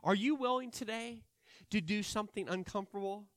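A man preaching a sermon, acting out Bible characters' lines and swinging between loud and quiet delivery. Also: sits high, a little fast, no room sound, clean studio sound.

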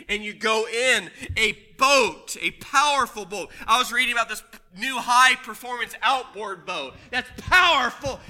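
An older man preaching a sermon, swinging between loud emphatic lines and hushed ones. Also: very high voice. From Washington State. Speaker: pastor.

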